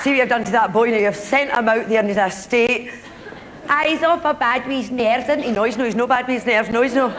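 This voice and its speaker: A Glaswegian Scottish woman comedian spinning a gossipy monologue in a chatty, conversational way. The live theatre recording carries a steady crowd and background noise. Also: a little high, brisk.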